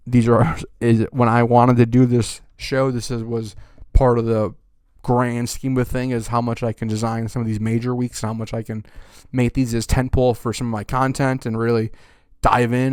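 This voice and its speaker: A man's voice: mid-range voice, smooth, no room sound, studio quality. Swearing, ranting golf podcast man. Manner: swears constantly, rants loudly, then winds down. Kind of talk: profane ranting recap.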